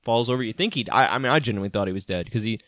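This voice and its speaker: Male podcast co-host, mid-pitch, animated and profane, dry close-mic recording. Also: very fast, no echo. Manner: animated, swearing, laughs often. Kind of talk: casual movie recap chat.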